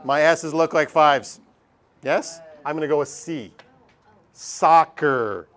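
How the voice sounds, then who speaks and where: A man with a slightly high voice teaches math in a classroom, taking it slowly. He jokes around and talks straight to his students, keeping the lesson lively.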